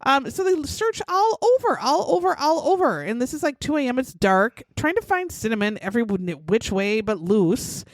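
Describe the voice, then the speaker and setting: Female podcast host, true crime storyteller, animated and profane, dry close-miked sound. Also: sits high, normal speed, hardly any pauses, dry recording. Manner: animated, acts out quotes, swears freely.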